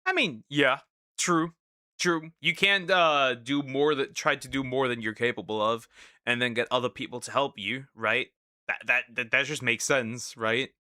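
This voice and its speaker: This is a man with a very bright, sharp voice, talking over clips he reacts to. He stumbles, restarts and repeats himself often. The sound is close and dry. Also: medium pitch, normal speed, no room sound. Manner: hesitant, with many restarts and repeated words. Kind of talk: casual reaction commentary.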